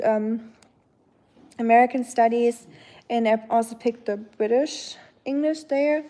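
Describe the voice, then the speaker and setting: A woman with a German accent, a native German speaker, chatting casually on a livestream at home, answering her chat in a rambling way with many pauses and talking to her dog now and then. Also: fairly high pitch, mellow. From Germany, near the French border. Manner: chatty and rambling, often pausing on "um", breaking off to soothe her dog.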